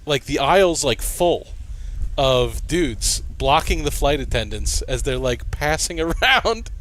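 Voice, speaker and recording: A man's voice: a little high, lively intonation, unhurried, fairly bright tone, a little hiss or hum. A man co-hosting a sports talk show, telling a story in a rambling way full of "like" and "uh". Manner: rambling, lots of "like" and "uh". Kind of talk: casual storytelling on air.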